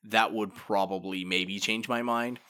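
A man's voice: fairly low pitch, steady tone, measured pace, pushed and bright, clean tone. A man co-hosting a podcast, telling a travel story in a laid-back, rambling casual chat full of fillers. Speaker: podcast co-host.

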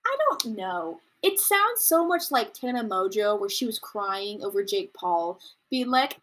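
A woman's voice: big pitch swings, measured pace, few pauses, a bit bright. A young adult woman hosting a casual commentary podcast from home, chatting in a rambling way. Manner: chatty, rambling, with mocking high-pitched impressions. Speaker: podcast host.

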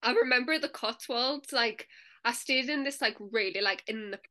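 Chatty woman co-host, high and bright, loose and giggly. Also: normal speed. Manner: chatty, laughs often, many "like" fillers, acts out inner voices. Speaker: podcast co-host. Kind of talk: casual chat.

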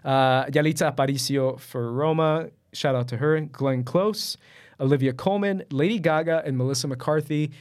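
A man's voice: fairly high pitch, moderate pace. A young man co-hosting a podcast, chatting casually and joking with a friend, laughing often. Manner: animated, jokey, laughs often. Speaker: podcast co-host. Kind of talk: casual chat.

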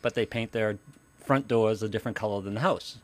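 A man's voice: lowish voice, fairly quick. Easygoing man co-hosting a chat. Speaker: producer and co-host. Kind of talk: casual chat.

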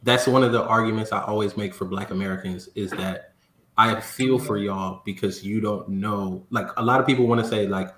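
A man's voice: on the low side, steady tone, brisk, a bit bright, slight background noise. A man in casual podcast chat, making his point with pointed rhetorical questions. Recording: roomy sound with faint background ambience.

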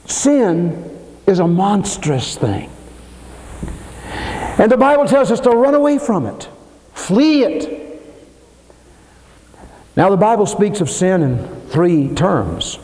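An older man preaching a dramatic sermon in a church, swinging between soaring emphasis and low asides. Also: big pitch swings, unhurried, long pauses, mellow. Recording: long hall reverb.

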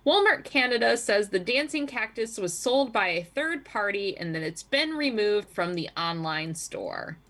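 A woman co-hosts a casual podcast and reads news stories aloud in a wry, amused way. Her voice moves around a lot in pitch, at a middle height for a woman. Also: lively intonation, unhurried, few pauses, fairly bright tone. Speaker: podcast co-host.

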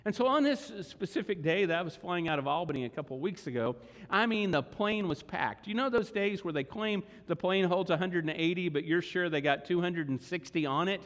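A pastor preaches to his congregation, telling a story conversationally in a large church hall with long hall reverb. His voice sits high and is a bit bright, with lively intonation and a fairly quick pace.

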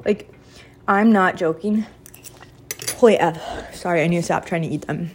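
A woman's voice: on the low side, moderate pace, a little mellow, a little hiss or hum. A young woman hosting her own podcast, chatting casually in a rambling, apologetic way full of fillers. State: out of breath after stairs. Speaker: podcast host. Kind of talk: casual solo podcast chat.

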